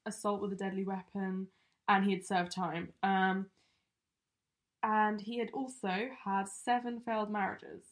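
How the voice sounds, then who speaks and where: A woman's voice: medium pitch, little pitch movement, a little slow. A woman co-hosting a true-crime podcast, telling the case in a loose, chatty way with lots of fillers. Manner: chatty, many fillers like um and you know. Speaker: podcast co-host presenting the case.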